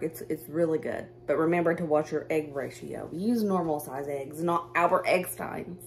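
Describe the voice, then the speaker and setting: A woman with a Southern U.S. accent chats casually while giving a cooking demo in her home kitchen, laughing easily and poking fun at herself. Her fairly low voice is gravelly and a little mellow, and there's a faint hiss or hum in the recording. She's a cooking vlogger.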